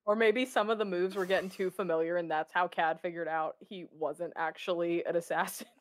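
A woman's voice: on the low side, steady tone, brisk. Woman riffing playfully on a podcast. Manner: playful, acts out scenes in funny voices. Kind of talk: casual podcast chat.

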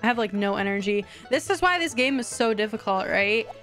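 Loud music plays behind a young woman's mid-range voice as she talks fairly quickly on a game live-stream. She chats and giggles in reaction to the on-screen action. Her wins set off excited squeals.

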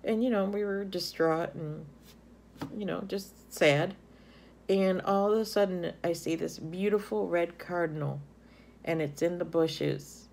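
A middle-aged woman shows off her finds in a relaxed, chatty way. Her voice sits a little low, and she gushes over each item, filling pauses with ums. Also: gravelly, slight background noise. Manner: chatty, gushing, many ums. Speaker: haul vlogger. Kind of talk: casual show-and-tell chat.

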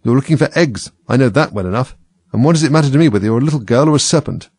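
A man voicing a fretful, suspicious mother pigeon in a storybook reading, shrill and scolding. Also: lively intonation, rapid-fire, darkish tone, husky, dry recording. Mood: scornful.

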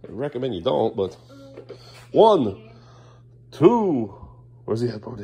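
Sleepy, playful dad with a lively voice. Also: male voice, medium pitch, unhurried, gravelly, pauses often, husky, faint music behind. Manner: playful, teasing, coaxing his kids. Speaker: father and vlogger. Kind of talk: casual family vlog. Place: home kitchen, then outdoors by the street.

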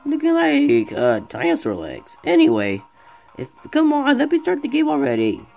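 A streamer giving casual let's-play commentary, excitable and rambling, talking back to the game. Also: mid-range voice, moderate pace, creaky, soft background music. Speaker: gameplay streamer.

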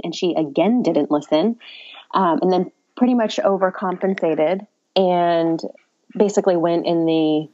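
A woman's voice: fairly low pitch, normal speed, darkish tone. A woman casually telling a birth story as a podcast guest, candid and chatty with a wry, self-mocking humor. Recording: dull lo-fi audio.

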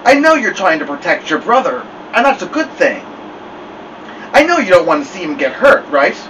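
A fierce storybook mother, as a man reads her, sugary and menacing at once. Her voice rides higher and swoops about with sweet-talk. It sounds a bit far from the mic over a faint air-conditioner hum. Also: very animated, moderate pace, fairly bright tone. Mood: coaxing. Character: stern fierce mother, coaxing then threatening.

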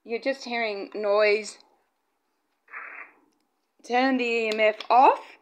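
A woman investigating paranormal activity, talking softly to spirits in a hushed, breathless way. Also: fairly high pitch, steady tone, slow, slight background noise. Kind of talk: ghost-hunting vlog narration.

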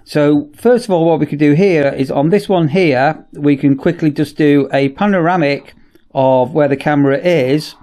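A man giving a casual, chatty product demonstration in a workshop, often repeating "as I say" and pausing on ums. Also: a little high, mellow. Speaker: product reviewer.

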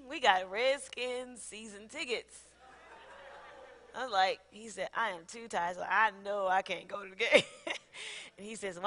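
A middle-aged woman pastor preaching a sermon, animated, laughing often and acting out quotes. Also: medium pitch. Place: large church hall. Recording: long church hall reverb.

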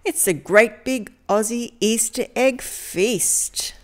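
A woman reading a picture book aloud to children in a lively, sing-song storytelling manner. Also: on the high side, slow.

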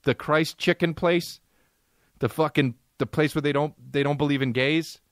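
A man's voice: on the high side, steady tone, moderate pace, no echo, clean studio sound. A man in his thirties, a comedian and podcast host, telling a rambling, profane comic story.

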